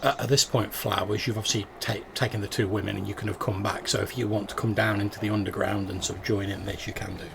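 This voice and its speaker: A man narrating a tabletop game as game master, describing scenes in an unhurried, descriptive way. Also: lowish voice, flat delivery, vocal fry, background noise.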